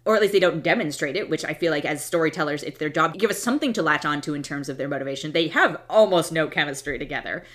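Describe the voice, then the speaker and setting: A woman's voice: low-pitched, fast talker, few pauses, fairly bright tone. A woman giving a casual, blunt, opinionated film review, often restarting and trailing off mid-thought. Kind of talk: casual movie review monologue.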